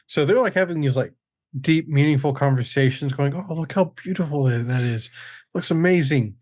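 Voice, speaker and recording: Chatty man with a higher voice. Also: moderate pace, a little mellow. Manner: chatty, tells personal anecdotes. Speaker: podcast co-host. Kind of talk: casual chat.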